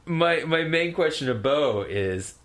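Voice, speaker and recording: A man's voice: fairly high pitch, animated, measured pace, a bit bright. A man in his thirties co-hosting a podcast, reading messages aloud and riffing on them with laughter. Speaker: podcast co-host. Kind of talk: casual chat, reading listener mail.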